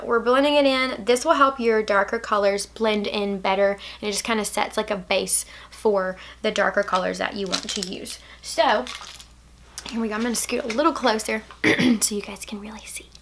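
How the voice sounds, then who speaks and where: Chatty Southern woman, slightly high voice. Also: fairly even intonation, normal speed, slight background noise. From Alabama, US. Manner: chatty, playful, drifts into soft asides. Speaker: beauty vlogger. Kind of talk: makeup tutorial, casual chat.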